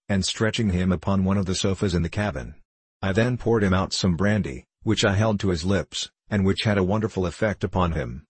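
A man reading a story aloud in a measured, even narration with a husky voice. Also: low-pitched, no echo. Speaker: audiobook narrator. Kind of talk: scripted narration.

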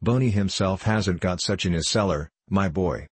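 A jovial old gentleman who teases without mercy, read by a man. The voice sits deep and a little husky, and the tone stays mocking and playful. It sounds close and dry. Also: normal speed, no room sound. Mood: teasing. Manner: boisterous, mocking.

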